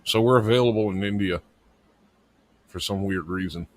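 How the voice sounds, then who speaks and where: Low-voiced rambling man co-hosting. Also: normal speed. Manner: rambling, joking, swears freely. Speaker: producer and co-host. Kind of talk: casual live-stream chat.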